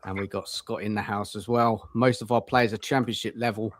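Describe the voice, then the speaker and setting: Chummy podcast host. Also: male voice, on the low side, fairly even intonation, brisk, no echo, clean studio sound. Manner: chummy, welcoming. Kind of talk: casual football chat.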